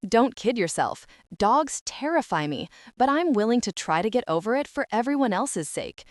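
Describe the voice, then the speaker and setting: A woman's voice: on the high side, very animated, moderate pace, no room sound, clean studio sound. A woman reading a frank young woman in an audiobook who mocks her own fears.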